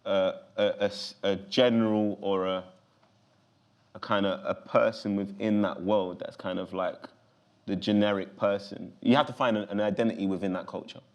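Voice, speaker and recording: A low-voiced man with a London accent chats casually as an interview guest. His speech is gravelly and loose, full of restarts and fillers. He sounds like a relaxed man in his thirties. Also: moderate pace. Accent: London English. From London, England. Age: 30s.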